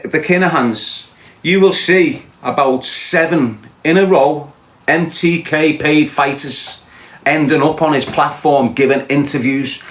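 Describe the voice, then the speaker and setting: Scouse bloke ranting on his podcast, a bit higher voice, roomy studio sound. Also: fairly bright tone. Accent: Liverpool. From Liverpool, England. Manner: ranting, fired-up, insistent. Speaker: podcast host. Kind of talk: heated podcast storytelling.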